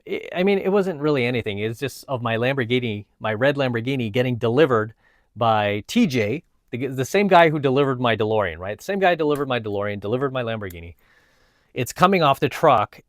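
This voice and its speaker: A man's voice: medium pitch, no echo, clean studio sound. A man, a coach and vlogger, telling a personal story in a casual monologue, emphatic and repeating himself. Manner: emphatic, repeats himself, asks "right?" often.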